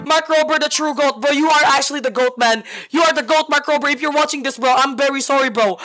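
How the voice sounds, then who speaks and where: A man's voice: very high-pitched, fast, pushed and bright, faint music behind. A young man giving cocky, teasing gameplay commentary, trash-talking his rival and laughing often, tossing in "bro" and "boy" over and over. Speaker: gaming YouTuber.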